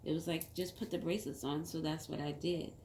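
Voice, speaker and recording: A woman's voice: low-pitched, steady tone, fairly quick, a little mellow. A middle-aged woman, a tarot reader, talking in a rambling, heartfelt way, now and then close to tears. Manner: rambling, heartfelt, tearful at times. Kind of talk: casual monologue to camera. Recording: echoey room, faint background hum.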